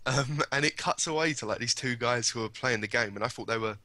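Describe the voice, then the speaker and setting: Bright-voiced young man, eager chatter. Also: mid-range voice, a little fast, no room sound. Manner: chatty, laughs often, eager. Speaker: podcast co-host. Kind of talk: casual chat.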